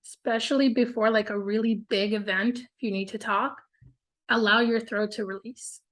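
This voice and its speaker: Brief: woman host of a coaching circle, upbeat and encouraging, fairly high voice. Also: steady tone, moderate pace, fairly bright tone. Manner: upbeat, encouraging, says "like" and "y'all" often. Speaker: business coach hosting a group call. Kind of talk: casual coaching group chat.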